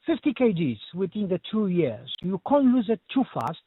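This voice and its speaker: A man's voice: high-pitched, very animated, moderate pace, slightly rough. A man calling in to a radio show, speaking earnestly with non-native phrasing. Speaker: caller. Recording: phone line.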